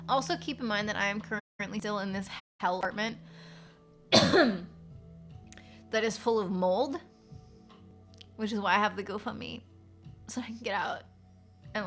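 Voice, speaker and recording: With a medium-pitched, slightly bright voice, a female streamer and voice actor rambles casually on a live stream from home. She peppers her talk with fillers and curses, and her nose is clearly blocked.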